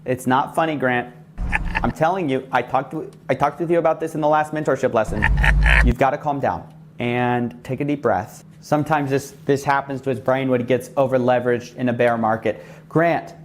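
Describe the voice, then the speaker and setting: A YouTuber giving a sarcastic, mock-humble parody monologue as a boastful online guru. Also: male voice, medium pitch, fairly even intonation, normal speed, very noisy.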